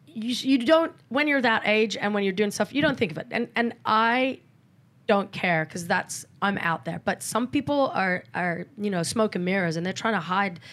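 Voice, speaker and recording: A woman's voice: mid-range voice, moderate pace, a bit bright. A middle-aged woman, a podcast guest talking candidly and acting out quoted exchanges in a casual interview.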